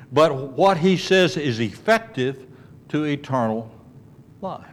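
A man teaching a Bible lesson in a conversational way, with a voice of ordinary middle pitch. He explains points as he goes, often checks in with his listeners, and restarts sentences while he thinks aloud. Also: expressive, a little slow. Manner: explains and asks the class, with frequent checks of "okay?".

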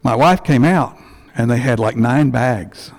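A man, a church elder telling a heartfelt story in a sermon, halting and restarting as he goes, on a headset mic. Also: mid-range voice, gravelly.

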